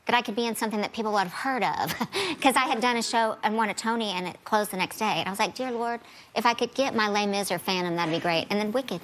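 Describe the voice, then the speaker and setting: A woman guest chatting on a talk show, telling stories with lively acted-out quotes. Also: mid-range voice, fast, slight background noise. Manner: animated storyteller, acts out quotes. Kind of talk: casual chat.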